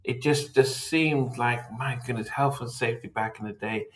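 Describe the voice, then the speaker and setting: Soft-spoken, reflective man in casual chat. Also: medium pitch, moderate pace. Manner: soft-spoken, reflective, frequent stammered repeats.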